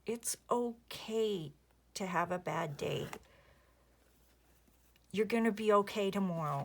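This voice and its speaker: A woman in her fifties chatting casually while she crafts, rambling softly and muttering asides to herself. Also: medium pitch, measured pace, a little hiss or hum. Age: 50s. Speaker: crafting vlogger.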